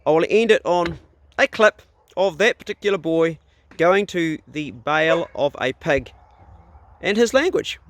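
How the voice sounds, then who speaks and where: A man's voice: fairly high pitch, animated, measured pace, fairly bright tone. A middle-aged man with a New Zealand accent talks bluntly to camera in a casual vlog, swearing freely. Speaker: vlogger.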